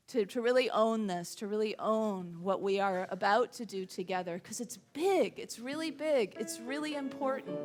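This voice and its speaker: A woman minister delivering a sermon with impassioned, rhythmic preaching. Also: mid-range voice.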